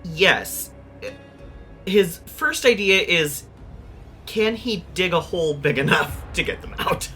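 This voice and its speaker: Low-voiced, wry woman gamer. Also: animated, slow, bright, forceful tone, faint music behind. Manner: wry, dry humor, swears. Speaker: player. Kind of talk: playing a tabletop game.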